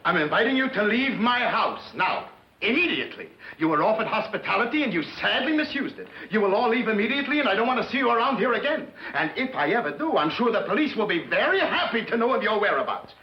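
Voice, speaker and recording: An actor playing an indignant middle-aged husband in a 1950s TV sitcom, emphatic and scolding in an exasperated way. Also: male voice, fairly high pitch, big pitch swings, normal speed. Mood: furious. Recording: dull lo-fi 1950s TV sound.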